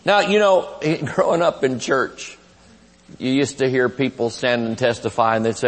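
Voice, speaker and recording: A man in his fifties preaching a humorous, lively sermon at a live conference, laughing as he talks and shouting some lines. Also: medium pitch, normal speed. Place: large church sanctuary. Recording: live sermon with long hall reverb.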